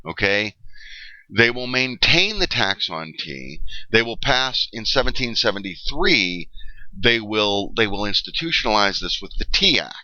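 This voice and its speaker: A man's voice: lowish voice, big pitch swings, unhurried, pushed and bright, no room sound. A middle-aged man giving a history lecture, explaining step by step with frequent fillers and checks of "okay?". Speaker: history teacher. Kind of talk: classroom lecture. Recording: dull lo-fi dry recording.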